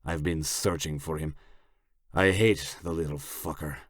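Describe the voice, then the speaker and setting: A man voicing a menacing, slick Italian crime boss in an audiobook, with a put-on Italian accent and a slow, smug, suggestive delivery. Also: extremely low pitch, steady tone, no echo, studio quality. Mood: cold. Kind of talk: audiobook character voice.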